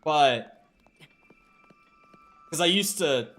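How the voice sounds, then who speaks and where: A man from Minnesota, his accent light, chats and swears casually during a game stream while reading chat out loud. His voice is a little high and fairly bright, with lively intonation and a very slow delivery.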